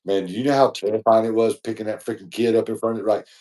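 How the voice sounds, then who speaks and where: Man, podcast co-host, rambling slangy storyteller, lowish voice. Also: fairly even intonation, quick pace, dark tone. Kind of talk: casual storytelling chat.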